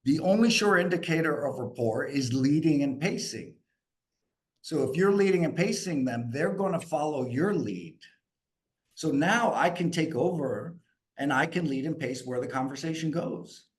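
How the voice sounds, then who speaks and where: A man from New York coaching a group live, energetic and asking the group questions. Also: fairly high pitch, normal speed. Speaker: sales coach.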